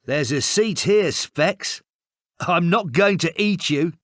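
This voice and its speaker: A man's voice: a little high, lively intonation, slow, a bit bright, no echo, studio quality, voice pushed up. A man doing a sneering schoolboy bully. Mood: taunting. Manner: sneering, taunting. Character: menacing older schoolboy bully.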